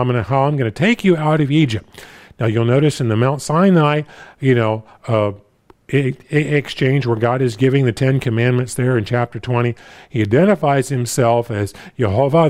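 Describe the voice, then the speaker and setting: A man preaching a sermon, stumbling over repeated words and restarts, reading scripture slowly and deliberately. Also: medium pitch, a little mellow. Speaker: pastor.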